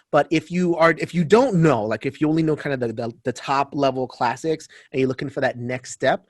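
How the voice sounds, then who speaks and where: A man's voice: mid-range voice, no echo, clean studio sound. A man hosting a casual book chat on a video call, upbeat and chatty, with frequent fillers. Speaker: host.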